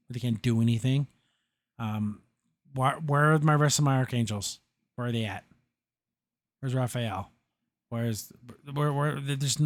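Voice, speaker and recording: A man hosts a podcast and rambles through an episode recap with a sarcastic edge. His voice sits a bit high, and he talks in loose, restarting sentences. The recording is close and dry. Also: dry recording. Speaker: podcast host reviewing a show.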